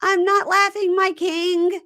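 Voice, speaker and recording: Woman putting on a squeaky flustered bride-to-be. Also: level tone, slow, bright, forceful tone, heavily acted. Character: nervous giggly woman meeting a king.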